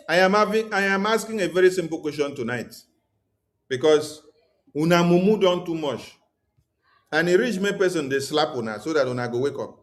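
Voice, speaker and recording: Nigerian man, slightly higher voice, online commentator: fiery, mocking, scolds with rhetorical questions. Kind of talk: impassioned political commentary.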